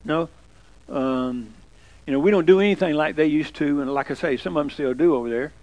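A man's voice: a little high, a little fast, a little mellow, lo-fi sound. An older man preaching a folksy sermon, chatting with the congregation and asking them questions. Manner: conversational, asks the congregation questions.

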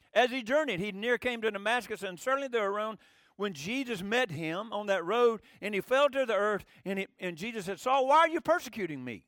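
A man's voice: sits high, a bit bright, no echo, studio quality. A man preaching a sermon in a conversational way, his voice rising for emphasis. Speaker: pastor.

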